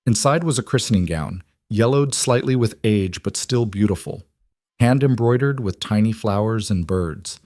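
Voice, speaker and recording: Male narrator, scripted story; measured, low, dry. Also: darkish tone, dry recording.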